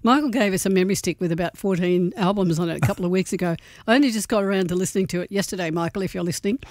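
A woman's voice: fairly low pitch, rapid-fire, a little mellow, dry recording. A woman presenting community radio, chatting casually with fillers and hesitations.

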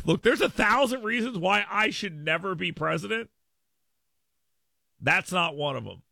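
A man's voice: high-pitched, lively intonation, measured pace, gravelly, pushed and bright, no room sound, studio quality. A man hosting a radio talk show, riffing emphatically with listeners in a casual monologue.

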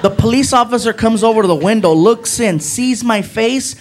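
A man doing stand-up, higher-voiced than most men, telling a story with slang and jumping into his friends' voices. He speaks into a stage mic. A loud club room surrounds him. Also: normal speed, hardly any pauses. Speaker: stand-up comedian. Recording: noisy live club.

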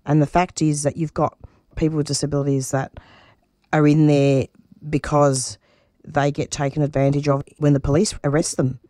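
A woman's voice: deep voice, level tone, normal speed, dark tone, no room sound. Brief: middle-aged woman guest, passionate and emphatic, dry close mic. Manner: earnest and emphatic, often restarting phrases. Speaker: radio producer and interview guest. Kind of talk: personal interview answers.

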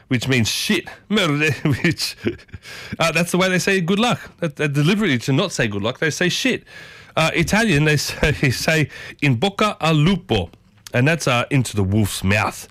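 A man's voice: medium pitch, a bit bright, no room sound. A man hosting a community radio show, chatty and enthusiastic, often repeating himself. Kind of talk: casual radio chat. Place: radio studio.

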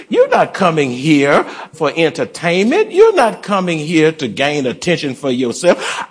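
A man's voice: a little high, husky. A man preaching a sermon to his congregation in church, calling out for responses and urging them to join in. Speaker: pastor. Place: church sanctuary.

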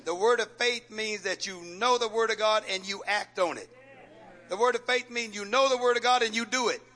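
A man's voice: high voice, a little fast, pushed and bright. A man preaching a sermon as pastor, calling out questions for the congregation to answer and repeating phrases with folksy jokes.

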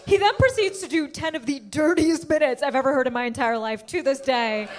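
A woman doing stand-up, telling stories in an animated way and filling them with "like.". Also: high voice, a little fast. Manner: animated storytelling, lots of "like". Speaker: stand-up comedian. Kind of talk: stand-up set.

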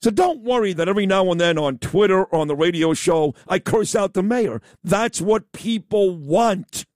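A man's voice: high voice, no echo, studio quality. A man hosting a radio talk show, talking in a blunt, emphatic, rambling way. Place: radio studio. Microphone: studio mic.

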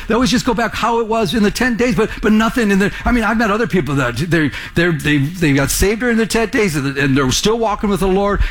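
A middle-aged man preaching a sermon as a pastor, telling stories with lively acted-out dialogue. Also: sits high. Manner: animated storytelling, acts out dialogue.

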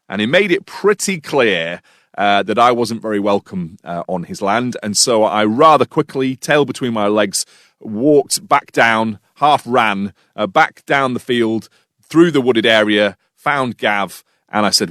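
A man's voice: fairly low pitch, expressive, normal speed, fairly bright tone, no room sound. A man from the UK preaching a sermon, telling a personal story with dry humour and then drawing reflective lessons from it.

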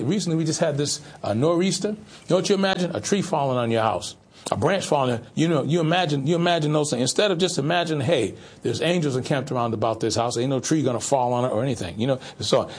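Pastor guy preaching, kinda husky, slightly high voice, keeps asking questions. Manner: preachy, repetitive, rhetorical questions. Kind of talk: sermon.

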